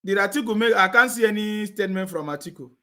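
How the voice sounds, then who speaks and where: A man rants in a combative, repetitive way, often checking that his listeners follow him. His voice sits high for a man and sounds bright and forceful. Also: fast talker. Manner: combative, repeats phrases, asks "you understand me?". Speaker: political commentator. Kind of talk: heated live-stream rant.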